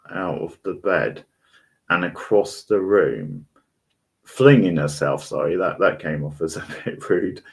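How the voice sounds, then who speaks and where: Male reader, very deep and slow, deliberate novel reading with occasional self-corrections. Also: creaky.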